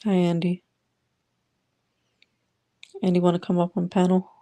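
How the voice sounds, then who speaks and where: A woman's voice: fairly low pitch, completely flat delivery, unhurried, mellow. A woman hosting a casual live audio chat, greeting listeners by name and reading their comments aloud. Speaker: live audio room host.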